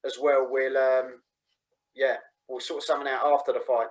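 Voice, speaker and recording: A man's voice: mid-range voice, flat delivery, normal speed, rough recording. A man hosting an interview, matey and encouraging in casual chat. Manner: matey and encouraging, many fillers. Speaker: host.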